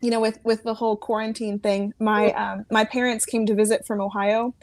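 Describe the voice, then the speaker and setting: American woman guesting on a video call, bubbly and giggly, slightly high voice, dry sound with no room echo. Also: level tone, brisk. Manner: bubbly, laughs often, frequent "like". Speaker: guest fragrance reviewer. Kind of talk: casual video call chat.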